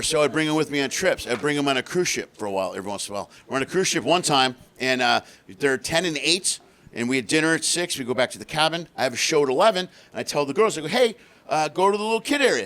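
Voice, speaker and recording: A middle-aged man working a theater crowd with a high-energy stand-up set. His voice sits high for a man, and he swings into loud, shouted punchlines while acting out the people in his stories. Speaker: stand-up comedian. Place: theater stage before a laughing audience.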